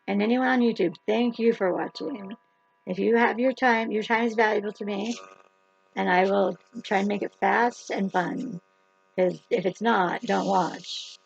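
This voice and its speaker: A woman's voice: medium pitch, fairly even intonation, unhurried, creaky, a little hiss or hum. A woman hosting a chatty livestream makeup tutorial, rambling and teasing herself as she works. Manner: rambling, joking, self-teasing. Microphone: camera or phone livestream. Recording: dull lo-fi sound.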